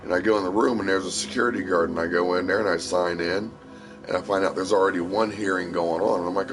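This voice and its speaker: A man's voice: low voice, fairly even intonation, fast, faint music behind. A man casually telling a long story, rambling and swearing freely with a tough edge. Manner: profane, rambling, tough-talking. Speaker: streamer.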